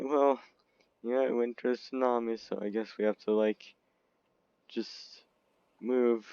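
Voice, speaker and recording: A man giving rambling, giggly casual commentary over a game video, breaking into sudden squeaky outbursts, on a dull lo-fi recording. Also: steady tone, a little slow, long pauses, warm tone, clear, resonant tone, no echo. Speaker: gaming video creator.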